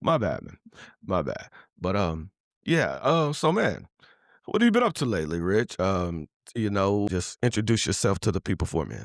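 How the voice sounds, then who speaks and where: A man hosts a casual podcast interview in a low voice. He talks loosely, full of slang, fillers and restarts. The sound is dry and close. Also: sing-song, normal speed, creaky, no echo. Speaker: podcast host.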